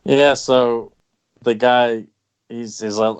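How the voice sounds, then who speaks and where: A man's voice: mid-range voice, no echo, highs cut off. Sarcastic man ranting on a podcast. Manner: rapid sarcastic rants, profane. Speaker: podcast co-host. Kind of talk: casual podcast chat.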